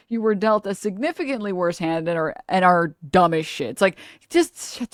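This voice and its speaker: A woman's voice: lowish voice, animated, fairly quick, no echo, studio quality. A woman live streamer ranting about politics to her chat, blunt, sarcastic and profane, often laughing mid-sentence. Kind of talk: casual political rant to chat.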